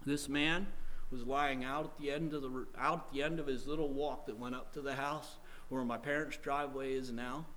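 A man preaching a sermon in a church, telling stories dramatically and swinging from hushed tones to loud outbursts. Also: on the high side, rough recording.

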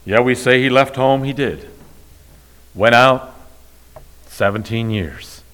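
A male pastor preaching a sermon in church, moving from quiet, slow storytelling to loud, high-pitched, impassioned preaching. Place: church sanctuary.

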